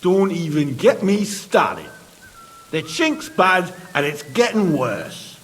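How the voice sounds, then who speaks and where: A cheerful miner, easygoing and full of slang. His voice is high and lively, with much rise and fall. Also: slow, exaggerated voice. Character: chatty, cheerful male miner, middle-aged.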